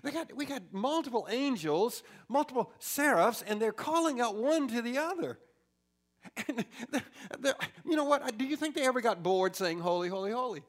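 A man preaching a sermon, swinging from loud exclamations to hushed whispers. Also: very high voice, lively intonation, moderate pace.

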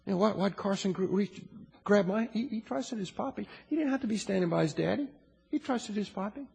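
A man's voice: high voice, fairly quick, vocal fry, darkish tone, husky. An older man preaching a sermon in a conversational way, often restarting his sentences and adding asides, in a large church. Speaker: pastor. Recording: long hall reverb.

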